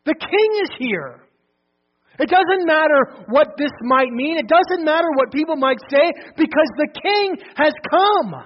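Male pastor preaching, very high voice, big swings from loud to hushed, dull lo-fi sound. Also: a little slow, few pauses. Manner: swings from loud declarations to hushed, low emphasis; repeats phrases, restarts often. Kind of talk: sermon.

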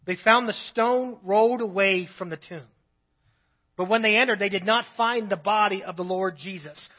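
A man with a fairly high voice preaches from the pulpit, reading scripture and pausing for his own asides. The recording is a little dull and lo-fi. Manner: reads scripture aloud, breaking off for asides. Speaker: pastor.

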